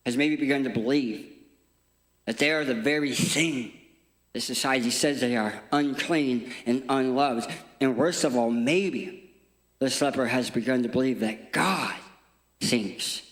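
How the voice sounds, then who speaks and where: A man preaching an interactive sermon on stage, playful and energetic as he directs a volunteer. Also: mid-range voice, measured pace, pauses often. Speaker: guest speaker. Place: large church hall. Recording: echoey church hall.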